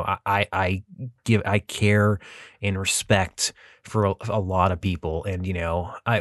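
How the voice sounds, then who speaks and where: A man's voice: deep voice, no echo, studio quality. A young adult man from Texas with a Texan accent, talking casually in a rambling monologue full of fillers and restarts. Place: California.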